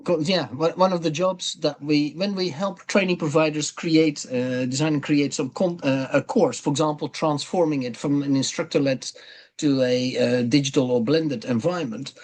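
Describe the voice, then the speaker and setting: A man hosting a webinar over a video call, with a somewhat high voice for a man. He asks his guests questions and hesitates often, with many ums and uhs. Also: steady tone, moderate pace, a little mellow. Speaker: webinar host. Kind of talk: webinar discussion.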